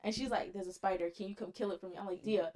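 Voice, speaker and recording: A woman's voice: mid-range voice, steady tone, fast talker, mellow. A young woman co-hosting a podcast in casual chat, blunt and teasing, with plenty of swearing. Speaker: podcast co-host.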